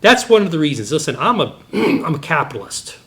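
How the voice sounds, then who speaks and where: Delivering a Christian apologetics lesson, a middle-aged man talks a little quickly and wanders through lively personal anecdotes. His voice makes abrupt leaps in pitch along the way.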